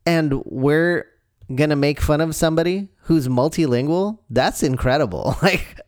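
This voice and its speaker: A man talking in a casual chat on a podcast, animated and often laughing as he makes his points. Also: on the high side, unhurried, no echo, clean studio sound. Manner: animated, laughs often, jumps into a put-on Australian voice.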